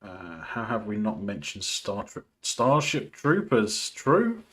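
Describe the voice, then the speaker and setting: A man's voice: fairly low pitch, huge pitch swings, slow, fairly bright tone. A man casually chatting and joking as he hosts a film watch party, laughing often. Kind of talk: casual live commentary while watching a film.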